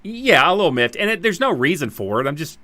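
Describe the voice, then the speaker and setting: A man spins a rambling personal anecdote on a podcast, jumping into the voices of the people in it and tripping over his own restarts. His voice is bright and slightly high for a man, and it sounds close and dry. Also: sing-song, quick pace, no echo. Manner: rambling, acts out quoted dialogue; frequent restarts and laughter. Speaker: podcast host. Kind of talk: casual storytelling.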